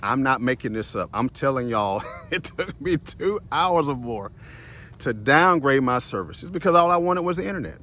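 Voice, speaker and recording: A man's voice: medium pitch, moderate pace, a little hiss or hum. Chatty young man telling a story. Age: young adult. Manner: animated, chatty, addresses viewers directly as "y'all" and "guys"; laughs often and acts out voices in his story. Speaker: host of a short motivational video series. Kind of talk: casual storytelling monologue.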